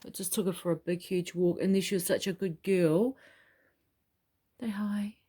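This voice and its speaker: A woman's voice: lowish voice, flat delivery, a little fast, warm tone. A middle-aged woman, chatting and rambling at home in a casual vlog, swearing now and then. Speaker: vlogger. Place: small home unit, kitchen.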